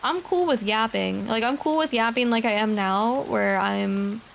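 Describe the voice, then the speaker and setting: A woman streamer chatting casually and quietly with her viewers at her desk mic, laughing often and swearing now and then. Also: a little high, measured pace, gravelly, slight background noise. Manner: soft-spoken, talking quietly. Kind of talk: casual livestream chat. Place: home streaming setup.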